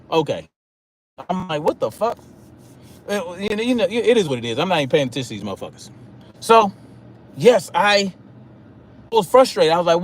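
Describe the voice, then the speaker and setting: Highish-voiced man on a livestream, cursing, rambling, restarting sentences, with faint background noise. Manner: profane, rambling, with many restarts. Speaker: livestream host. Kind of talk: casual storytelling on a livestream.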